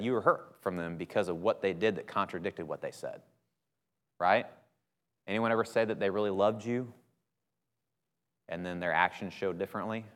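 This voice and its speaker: A male minister preaches to his congregation in a relaxed, conversational way. He leans hard on key words for emphasis and keeps asking "right?". His voice rings out with a long reverb tail, as if filling a church hall. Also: fairly low pitch. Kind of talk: sermon.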